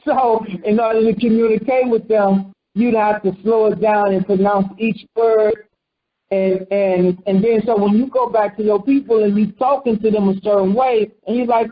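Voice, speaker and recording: A man with a notably high voice teaches scripture in a loose, conversational sermon, tossing questions to his listeners and slipping into quoted voices. The recording is dull and lo-fi. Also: normal speed. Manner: animated, quizzes listeners and acts out quotes. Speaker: preacher teaching a congregation.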